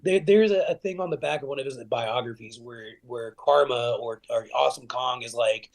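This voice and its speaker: A man with a gravelly, fry-touched voice, talking casually as a podcast guest. He rambles through stories with plenty of "like" and "you know," and gets lively when he acts out old memories. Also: mid-range voice, normal speed, hardly any pauses. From Middle Tennessee. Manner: rambling, filler-heavy, animated when retelling stories. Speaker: guest, professional wrestler.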